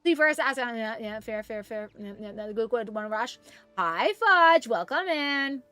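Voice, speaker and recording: A woman's voice: fairly high pitch, expressive, a little slow, pushed and bright, dry recording, soft background music. A woman from Canada streaming live, chatting with viewers and cooing baby talk to her pet. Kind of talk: casual live-stream chat.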